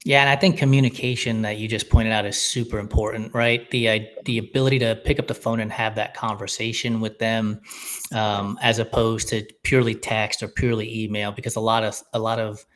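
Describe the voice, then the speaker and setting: A man's voice: fairly low pitch, flat delivery, a little fast, fairly bright tone. Man hosting an interview chat. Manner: reflective, builds long questions. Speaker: podcast host. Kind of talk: casual interview conversation.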